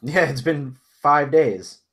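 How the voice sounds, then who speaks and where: A man's voice: a little high, expressive, takes it slowly, fairly bright tone. A man co-hosting a podcast in casual chat, hesitant with many ums and frequent chuckles. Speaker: podcast co-host.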